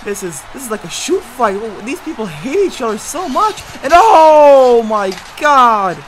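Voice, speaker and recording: With a mid-range voice and a slightly fast pace, a commentator narrates a hobby wrestling match in excited play-by-play. He shifts from hushed remarks to shouted exclamations, throwing in jokey, self-correcting asides, on a rough recording with a little hiss or hum.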